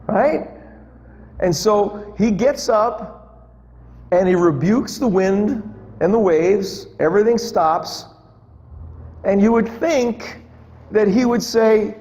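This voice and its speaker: In a reverberant church hall with a live audience and faint background noise, a male pastor preaches conversationally, cracking jokes and posing questions to the congregation. His voice is a little high and darkish, his pace measured, and the highs are cut off.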